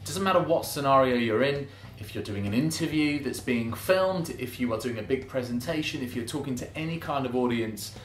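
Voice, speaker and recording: A man who presents on television, giving presenting tips in a calm, conversational, measured way. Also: medium pitch, echoey room. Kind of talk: relaxed instructional talk with mock news reads.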